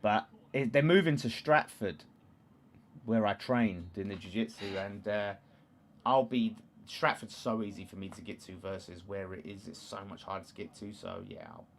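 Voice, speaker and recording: A man's voice: lowish voice, expressive, moderate pace, slight background noise. Chatty East London man hosting a watchalong. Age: 30s. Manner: chatty, reads out viewer comments, erupts into loud shouts at chances. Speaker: livestream host. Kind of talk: casual football watchalong chat.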